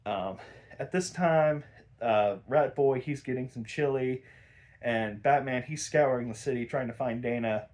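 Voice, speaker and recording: A young man talks through a cartoon episode in a loose, rambling way at an ordinary mid pitch. He swears freely, sighs often and fills gaps with "um" and "like", sounding exasperated. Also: measured pace, a little mellow. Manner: sighs a lot, frequent fillers. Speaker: episode reviewer. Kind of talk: casual review chat.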